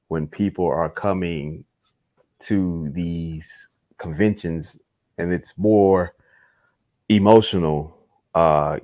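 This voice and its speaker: A man hosting a casual interview, speaking in a deliberate way. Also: sits low, a little mellow. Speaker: host. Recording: dull lo-fi audio.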